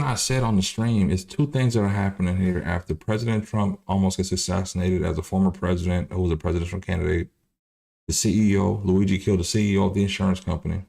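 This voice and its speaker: A man in his thirties talks bluntly on a livestream, swearing often and circling back on himself. His voice sits very low with a gravelly fry running through it. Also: warm tone. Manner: blunt, profane, rambling. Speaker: livestream host. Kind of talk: casual livestream commentary.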